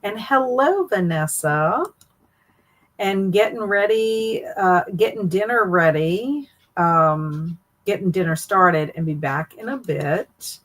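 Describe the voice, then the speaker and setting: Reading comments aloud and welcoming viewers by name, a middle-aged Southern American woman keeps her live stream chat casual. She speaks slowly and expressively in a medium-pitched, fairly bright voice, and the audio is poor.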